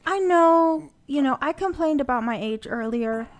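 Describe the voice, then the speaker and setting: A woman co-hosting a comedy podcast, telling stories in an animated, sarcastic way in casual chat. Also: sits high, moderate pace. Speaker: podcast co-host.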